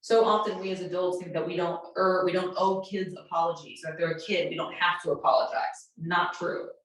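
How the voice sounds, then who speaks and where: A woman's voice: lowish voice, steady tone, fairly quick. A woman presenting a teaching workshop for educators, speaking directly and acting out sample conversations with students. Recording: very echoey room, voice distant from mic.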